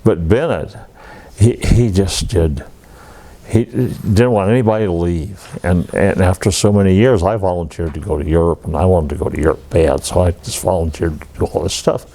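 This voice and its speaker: Low in pitch and steady in pace, an old man's voice carries his wartime memories. The octogenarian veteran laughs often during the oral history interview and acts out what others said as he spins vivid anecdotes.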